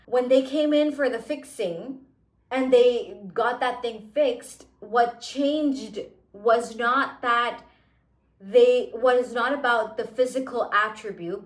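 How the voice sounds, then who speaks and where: A young woman with a fairly high voice talks straight to her viewers in a loose, chatty monologue. She keeps dropping "like" and "you know" as she goes. The room around her rings with a noticeable echo. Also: slow. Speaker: manifestation content creator. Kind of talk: casual motivational monologue. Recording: echoey room.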